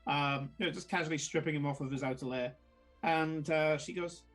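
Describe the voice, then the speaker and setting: A man runs a tabletop game. His narration is casual and halting, full of fillers and restarts, and his voice sits fairly high for a man. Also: steady tone, a bit bright, faint music behind. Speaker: game master.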